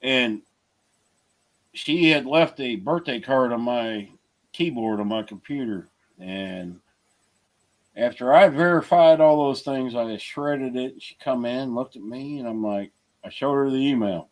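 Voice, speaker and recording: A man's voice: mid-range voice, expressive, a little slow. A plainspoken man chatting casually on a live stream. He tells his stories bluntly and without fuss, in an ordinary mid-range voice. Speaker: livestream host. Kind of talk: casual chat.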